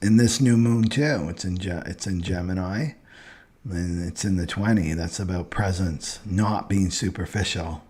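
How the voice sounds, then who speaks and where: A man's voice: low-pitched, measured pace, a little mellow, husky. A man hosting a casual livestream on astrology, talking loosely and ending many points with "right?".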